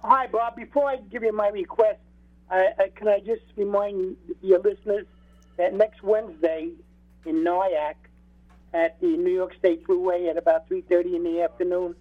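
A man's voice: high-pitched, fairly even intonation, normal speed. Earnest male caller on tinny phone. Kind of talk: phone-in announcement.

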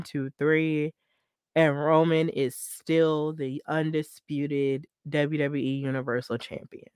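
A woman hosts a wrestling podcast in casual chat. She talks in an animated, emphatic way, repeating lines to drive her point home. Her voice sits at a middle pitch in a dry, close recording. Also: dry recording. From Alabama. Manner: animated, emphatic and repetitive, venting frustration. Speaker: podcast host.

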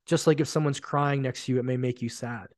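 A man's voice: medium pitch, fairly even intonation, a little fast, dry recording, studio quality. A man in his forties hosting a solo podcast, telling stories bluntly and with frequent swearing. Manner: blunt, profane, emphatic storytelling. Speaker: podcast host.

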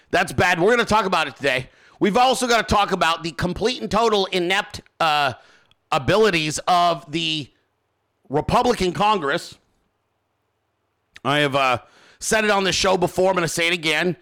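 High, bright-voiced man on a profane rant. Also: moderate pace. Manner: profane, mocking, ranting. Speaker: show host. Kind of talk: political commentary rant.

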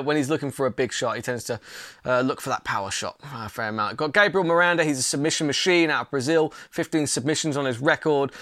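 A young man rattles through a casual fight preview, chatty and opinionated. His voice sits a little high, and the sound is dry and close. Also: pushed and bright, no echo. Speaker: MMA channel host.

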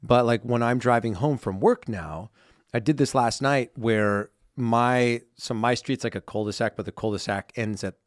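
A man's voice: mid-range voice, moderate pace, dry recording. Man, 40s, podcast co-host, easygoing storyteller, dry close-mic sound. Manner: chatty storyteller, many fillers like "like". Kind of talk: casual chat.

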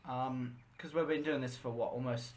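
A man's voice: medium pitch, steady tone, normal speed, darkish tone, a little hiss or hum. A teenage boy co-hosting a casual podcast chat, blunt and teasing, who swears offhandedly and leans on fillers. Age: teens. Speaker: podcast co-host.

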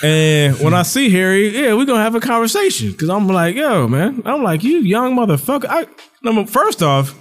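A man in his thirties hosting a podcast, telling animated stories in casual chat, acting out quotes and swearing freely. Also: sits high, moderate pace. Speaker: podcast host.

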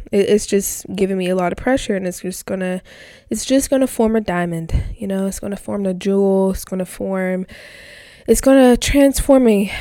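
Young woman, home vlogger, smooth voice, dry close mic, candid and raw, curses casually. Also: mid-range voice, darkish tone, dry recording. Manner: emotional, swears freely, many fillers. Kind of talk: casual diary vlog. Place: home, indoors.

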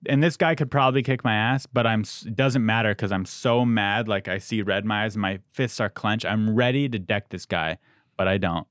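A young adult man who owns a podcast studio tells an animated, self-deprecating story in casual chat on a close studio mic. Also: on the low side, normal speed, dry recording.

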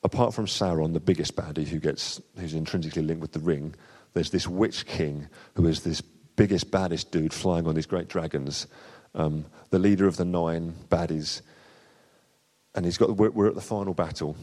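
A male preacher giving a sermon in a chatty, unscripted manner. His voice sits very low. The long reverb of a church hall follows every phrase. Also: fairly even intonation, normal speed, a little mellow. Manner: conversational, with frequent fillers and restarts.

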